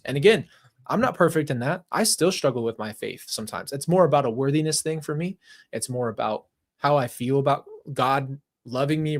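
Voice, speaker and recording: A young man speaks straight into a handheld mic, sharing a personal story in a casual, conversational way. His voice sits at an ordinary, middle pitch. He is emphatic, often restarts his sentences, and leans on the filler "like". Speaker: host.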